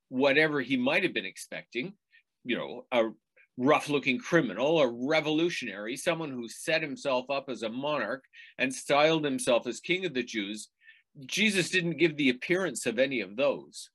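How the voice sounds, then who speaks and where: Man preaching a measured sermon. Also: on the high side, lively intonation, fairly bright tone. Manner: measured teaching tone, rhetorical questions.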